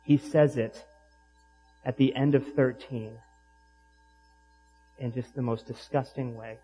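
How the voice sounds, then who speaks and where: A man preaching a sermon in an animated, emphatic way, with rhetorical questions to the congregation. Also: mid-range voice, slow pace, soft background music, low-quality recording. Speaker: pastor.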